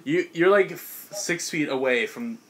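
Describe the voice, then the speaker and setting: A man's voice: a little high, animated, slight background noise. A young man narrating as game master of a tabletop game with friends, casual and often laughing. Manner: casual, laughs often, quick voice snippets for monsters.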